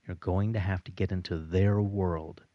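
A man giving a recorded audio lesson in a slow, steady instructional delivery. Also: low-pitched, dry recording, lo-fi sound.

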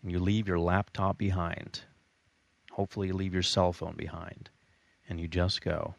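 Low creaky-voiced guy giving a motivational course lesson, repeats stuff for emphasis. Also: steady tone, normal speed, no echo. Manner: emphatic, repetitive motivational delivery. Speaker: course instructor. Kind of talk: recorded online course lesson.

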